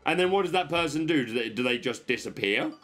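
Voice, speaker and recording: This is a man telling a long story while playing a video game, often stopping to restart his sentences. His voice is bright and his pitch moves a lot. Quiet background music runs underneath. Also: animated, fast. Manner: rambling, self-interrupting storyteller. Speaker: let's-play co-host. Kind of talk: casual gameplay chat.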